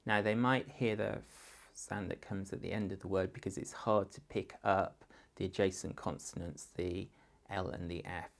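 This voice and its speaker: A man, a primary school teacher patiently explaining to parents how to help a child write a sentence, sounding words out slowly. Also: sits low, steady tone, vocal fry. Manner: slow, patient, demonstrates sentences and sounds in different voices. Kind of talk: instructional talk to parents.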